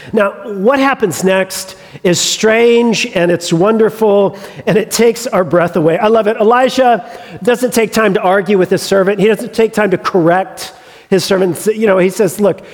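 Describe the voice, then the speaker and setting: A man's voice: high voice, measured pace, long reverb tail. A male pastor preaching a sermon, retelling a story with humorous asides.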